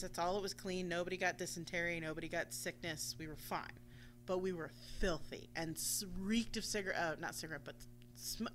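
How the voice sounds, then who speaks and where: Bright-voiced woman telling a story. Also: on the low side, slight background noise. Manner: animated, swears freely, acts out voices in quotes. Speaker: radio show co-host. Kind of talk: casual storytelling chat.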